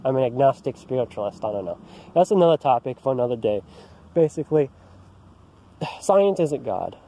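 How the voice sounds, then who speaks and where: Standing outdoors in an empty park, a vlogger vents an angry personal rant to camera, agitated and frustrated, often restarting his sentences. His medium-pitched voice has a warm tone, big pitch swings, and a moderate pace.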